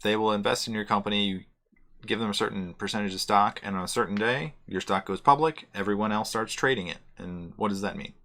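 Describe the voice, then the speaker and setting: A man co-hosting a podcast, with a very deep voice. He explains things plainly in a relaxed, casual chat and slips in dry humor. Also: quick pace. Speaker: podcast co-host.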